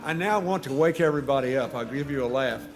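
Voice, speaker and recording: A man doing a deep-voiced old statesman. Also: quick pace, long reverb tail, music in the background, a crowd in the background, lightly acted. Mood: folksy. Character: older male statesman, slow, deep-voiced, folksy.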